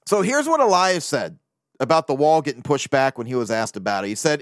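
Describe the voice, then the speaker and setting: A man hosting a sports podcast, talking through baseball news in a casual, profane monologue that swings between animated bursts and low mumbled asides. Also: brisk, dry recording, clean studio sound. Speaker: podcast host.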